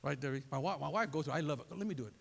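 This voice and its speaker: A man preaching a sermon as pastor, animated and conversational, throwing asides to his congregation. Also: fairly high pitch, racing, gravelly. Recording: long reverb of a large hall.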